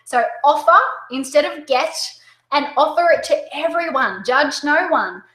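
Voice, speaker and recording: An Australian woman presenting a sales-coaching webinar, upbeat and excitable, talking fast. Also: high voice, roomy sound, rough recording.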